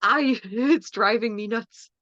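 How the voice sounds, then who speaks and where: A fairly high-voiced woman trades jokes in a casual chat, giggling often and swearing freely. The sound is dull and lo-fi, dry and close. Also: slow, a bit bright, no echo. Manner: giggly, crude storyteller. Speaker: guest. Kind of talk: casual joke-telling chat.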